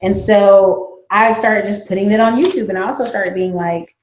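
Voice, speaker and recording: A woman guest telling stories in a casual interview, animated and acting out the voices of people she quotes. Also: mid-range voice, moderate pace, roomy sound, highs cut off, a little hiss or hum. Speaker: guest, YouTuber and entrepreneur.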